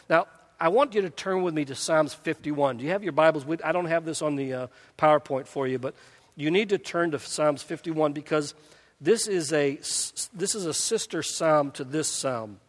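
A man's voice: fairly high pitch, moderate pace. A middle-aged man preaching a sermon, earnest and conversational, often restarting and putting questions to the congregation. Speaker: pastor. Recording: long hall reverb.

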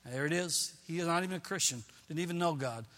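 A man preaching a sermon with a forceful, bright edge to his somewhat high voice. He talks earnestly and repeats key phrases for emphasis. His voice rings out with a long reverb, as in a big hall. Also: fast talker. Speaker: pastor.

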